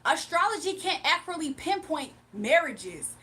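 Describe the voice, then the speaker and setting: A woman's voice: sits high, big pitch swings, moderate pace, pushed and bright. A woman hosting a casual livestream, sassy and exasperated as she answers chat comments. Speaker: livestream host reading chat.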